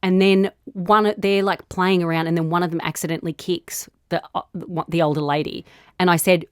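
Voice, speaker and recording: A woman in her forties with an Australian accent, a comedian chatting casually and telling an animated story with frequent laughs. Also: lowish voice, brisk, smooth, dry recording, clean studio sound. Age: 40s. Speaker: comedian guest. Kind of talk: casual podcast chat.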